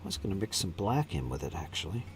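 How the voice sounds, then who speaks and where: A man's voice: low voice, very animated, fast talker, background noise. A man hosting a live stream, chatting casually and muttering to himself while he paints miniatures. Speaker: channel host painting miniatures.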